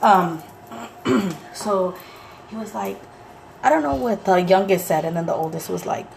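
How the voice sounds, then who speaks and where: A young mother talks straight to her viewers in a loose, unfiltered way, swearing without a second thought. She acts out what her family said with lively energy. Faint room noise sits under the voice. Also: medium pitch, measured pace, creaky. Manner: chatty, blunt, swears freely, acts out quotes animatedly. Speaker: vlogger, mother of two. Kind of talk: casual chat to viewers.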